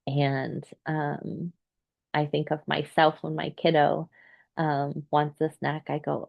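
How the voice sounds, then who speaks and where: Low gravelly woman talking gently. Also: flat delivery, slow pace, dry recording, highs cut off. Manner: gentle, meandering, many fillers. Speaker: therapist. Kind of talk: reflective solo talk.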